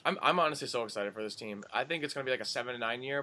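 A young man from Wisconsin co-hosting a podcast, talking sports in an excitable, profane, casual way. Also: mid-range voice, rapid-fire. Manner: excitable and profane, swings from mumbling to yelling. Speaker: podcast co-host.

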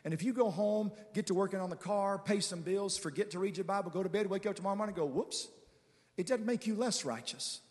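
Man, guest preacher, sermon, high voice, long church reverb, quiet asides to shouted proclamations, call-and-response. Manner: swings from quiet, conversational asides to shouted, drawn-out declarations; calls for congregation responses. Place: large church sanctuary with reverb.

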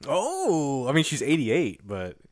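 A man's voice: a little high, wildly swooping pitch, slow, dry recording, studio quality. A man co-hosting a podcast in casual chat, joking around and laughing often. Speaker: podcast co-host.

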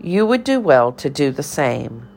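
A woman's voice: rumbling low, sing-song, unhurried, gravelly, a little mellow, slight background noise, exaggerated voice. A woman voicing an eccentric older cafeteria lady who speaks in riddles and scolds in a theatrical sing-song. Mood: haughty, cryptic.

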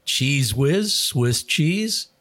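Lively male radio host telling jokes. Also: on the high side, drawn-out words. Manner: animated joke-telling with voices and chuckles. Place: radio studio.

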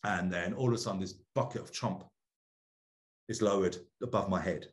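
A middle-aged man, a podcast guest, telling a story in casual chat, animated, laughing often and repeating words. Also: deep voice, moderate pace.

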